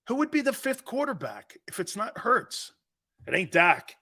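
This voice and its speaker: A middle-aged man hosts a sports talk radio show in a brash, mocking way, firing back at listeners. His voice sits high and bright, with lively, sweeping pitch. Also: normal speed. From United States.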